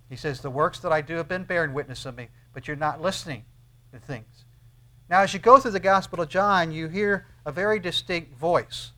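Man preaching an emphatic sermon. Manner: emphatic, with slow stressed phrases and sudden drops to a low soft voice; repeats key phrases for emphasis.

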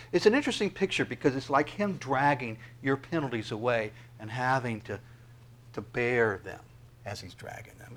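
A man preaching a sermon, talking to the congregation with rhetorical questions and swinging from loud emphasis to near whispers. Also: medium pitch. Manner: emphatic preaching with sudden loud peaks and quiet drops. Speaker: pastor.

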